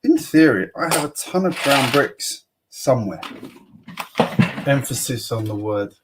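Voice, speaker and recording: A man's voice: medium pitch, expressive, a little slow, heavy background noise. A man hosting a casual live stream, chatting to viewers while he sorts bricks and mutters to himself. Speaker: host of a building live stream.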